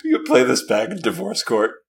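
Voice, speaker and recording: Male podcast co-host, husky, lively pitch, deadpan one-liners. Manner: quick deadpan quips. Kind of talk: casual chat.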